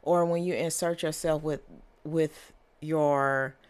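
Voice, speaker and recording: A woman's voice: low voice, fairly even intonation, slow pace, a little mellow, clean tone. A woman giving a casual tarot reading, chatty and repetitive, often checking in with "okay?". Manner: repetitive, conversational, many fillers and "okay?". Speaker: tarot reader.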